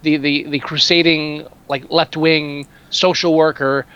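A man's voice: on the high side, little pitch movement, unhurried, a bit bright, smooth, highs cut off. A man talking casually about a film, rambling with many restarts and some swearing. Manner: rambling, frequent restarts, profane. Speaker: podcast co-host.

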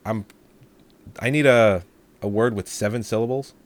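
A man's voice: on the low side, normal speed, no room sound. Laid-back dry-humored man chatting. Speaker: podcast co-host. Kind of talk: casual chat.

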